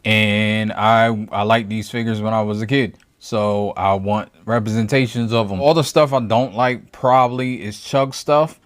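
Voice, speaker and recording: A man's voice: fairly low pitch, steady tone, measured pace, hardly any pauses. A man giving a casual toy review from his home review table, rambling and thinking aloud with frequent self-corrections.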